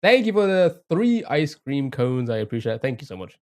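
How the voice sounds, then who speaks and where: A man's voice: mid-range voice, very animated, fairly quick. A young man streaming a game live, thinking aloud, chatting to viewers and laughing often. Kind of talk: casual live-stream commentary.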